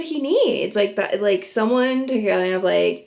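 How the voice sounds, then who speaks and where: A woman's voice: mid-range voice, lively intonation, measured pace, vocal fry, hardly any pauses, darkish tone. A woman hosting a reality TV recap, talking casually and bluntly, swearing often and filling her speech with "like". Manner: chatty, blunt and profane, full of "like". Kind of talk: casual reaction commentary.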